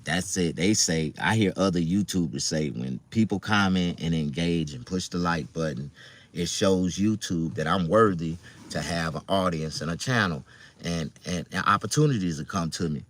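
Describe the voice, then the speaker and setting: A man's voice: low voice, moderate pace, fairly bright tone. A middle-aged man with a Southern US accent, telling his life story casually to his viewers, loose and profane with lots of fillers.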